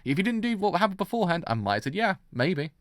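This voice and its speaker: Guy streaming his reaction, worked up and rambly, pitch all over the place, dry close mic. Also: fast talker, no echo. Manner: animated, exasperated ranting with frequent restarts.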